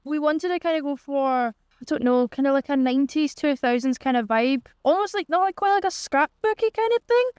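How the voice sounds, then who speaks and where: A woman's voice: high-pitched, fairly quick, a little mellow, no echo. A woman, a musician and photographer, chatting in a documentary interview with loose filler words.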